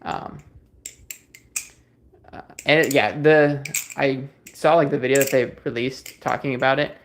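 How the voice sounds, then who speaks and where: A man's voice: medium pitch, steady tone, measured pace, a bit bright, slight background noise. A man hosting a casual livestream, reading viewer comments aloud and answering them in an easygoing, rambling way. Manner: rambling, easygoing, many fillers and restarts. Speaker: livestream host.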